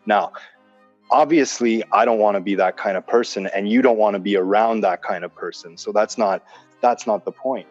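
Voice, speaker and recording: A man with a lowish, slightly mellow voice talks casually at a moderate pace, driving his points home with emphasis, repetition and examples. The recording is dull and lo-fi, with faint music.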